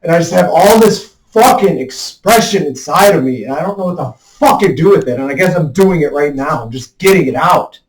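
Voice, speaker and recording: A man's voice: on the high side, expressive, brisk, few pauses. A man in a raw emotional monologue, swearing heavily and venting his frustration in bursts. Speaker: self-expression video maker. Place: room indoors. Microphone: headphones with mic. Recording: roomy echoey room.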